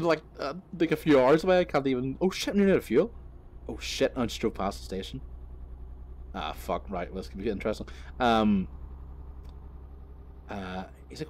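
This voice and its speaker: A man's voice: medium pitch, animated, moderate pace, creaky, long pauses, a little mellow. A man rambling through a story while driving his truck, swearing and laughing at himself. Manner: swearing, self-mocking, rambling with many fillers. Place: inside a truck cab on the road.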